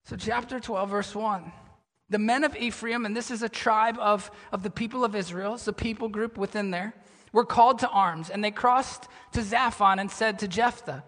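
A male pastor preaching a sermon, telling stories with animation and sinking into a low, somber tone. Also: normal speed, a bit bright, big-room sound.

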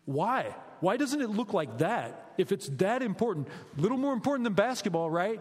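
Man preaching, middle-aged, lively and conversational, slightly high voice, long hall echo. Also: a little fast, few pauses. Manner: energetic, conversational, asks the audience questions. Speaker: preacher, high school basketball coach. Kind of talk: sermon.

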